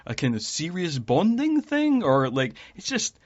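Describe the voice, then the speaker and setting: A man's voice: fairly high pitch, wildly swooping pitch, measured pace. A man hosting a podcast, chatting casually about a film and laughing at his own observations. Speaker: podcast host. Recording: dull lo-fi podcast mic.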